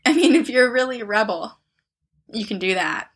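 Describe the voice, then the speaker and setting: A woman's voice: on the high side, normal speed, husky. A young woman co-hosting a podcast, casually telling a ghost story with lots of "like" fillers. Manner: animated storyteller, many "like" fillers. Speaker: podcast co-host.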